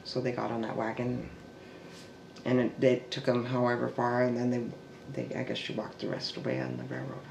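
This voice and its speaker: Gravelly man telling family history. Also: medium pitch, darkish tone. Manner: halting, with restarts and trailing fillers. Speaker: family storyteller. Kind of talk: oral history storytelling. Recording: echoey room with faint background noise.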